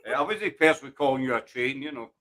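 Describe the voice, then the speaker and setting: Glaswegian male host, rambling and jokey, bright forward tone, casual chat. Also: medium pitch, animated, racing, rough recording. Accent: Glaswegian Scottish. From Glasgow, Scotland. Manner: jokey, rambling, self-deprecating.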